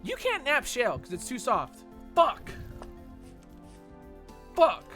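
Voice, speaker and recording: A man's voice: very high-pitched, wildly swooping pitch, takes it slowly, pushed and bright, faint music behind. A young man streaming a game, chatting casually and reading chat with a rambling, sweary manner full of fillers.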